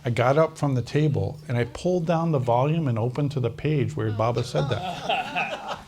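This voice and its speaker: A man guest in an interview, telling a long personal story with lively quoted dialogue and frequent laughter. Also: medium pitch, moderate pace, crowd noise. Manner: animated anecdotal storyteller, mimics other speakers, laughs often. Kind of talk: storytelling in a recorded conversation.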